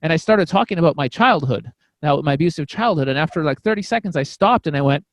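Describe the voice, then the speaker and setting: A man with a slightly high voice tells a long personal story on a podcast. He rambles, swears casually and keeps stopping to restart his sentences. The recording is close and dry, with no room echo. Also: expressive, quick pace. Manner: rambling, profane, frequent restarts. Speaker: podcast guest, comedian.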